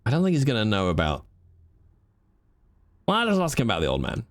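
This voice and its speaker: A man giving chatty, animated commentary while live streaming a video game. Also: mid-range voice, fairly quick. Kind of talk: casual gameplay commentary.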